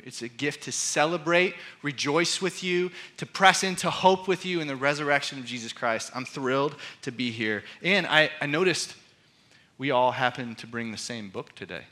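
A man delivers a sermon with a bright, forceful edge to his voice. He speaks as a pastor, earnest and reflective, stretching key phrases for weight. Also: medium pitch. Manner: earnest, reflective storyteller who slows down for emphasis.

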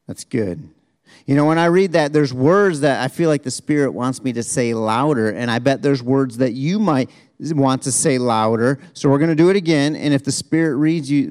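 Male pastor, casual self-deprecating preacher in a church, mid-pitched, frequent restarts, varied pace. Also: a little mellow. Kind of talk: sermon. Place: church sanctuary, also streamed.

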